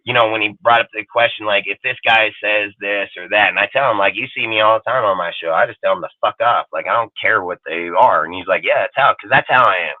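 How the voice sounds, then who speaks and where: A man hosting a livestream panel, ranting in a brash, swaggering way with heavy swearing, his voice swinging between loud bursts and low mutters. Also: fast talker, few pauses, no room sound. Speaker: podcast panel host. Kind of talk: profane livestream rant. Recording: tinny phone-like call audio, dry.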